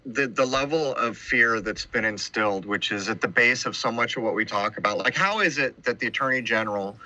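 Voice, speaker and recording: A man's voice: mid-range voice, fairly quick, pushed and bright, poor audio. A man hosting a podcast in casual conversation, talking in an emphatic, preachy, rhetorical way. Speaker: podcast host.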